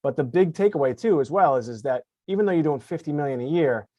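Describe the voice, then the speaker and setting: A man's voice: on the high side, expressive, quick pace, warm tone, dry recording, muffled recording. A man in his forties hosting a podcast interview, thinking aloud with frequent restarts. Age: 40s. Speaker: podcast host. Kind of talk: conversational interview.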